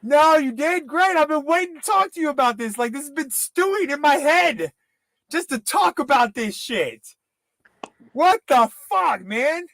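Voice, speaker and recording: Guy with a high voice cracking jokes and cursing on a podcast, dry mic. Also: animated, vocal fry, fairly bright tone, no room sound. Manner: rambling, swearing, quick impressions. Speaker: podcast co-host. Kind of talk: casual profane chat.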